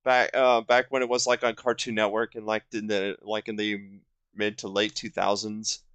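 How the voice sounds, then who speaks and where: A man in his twenties giving casual commentary while playing a video game, rambling and halting with lots of fillers and restarts. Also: fairly low pitch, level tone, a bit bright, clear, resonant tone, no room sound. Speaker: gaming video host. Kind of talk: casual let's-play commentary.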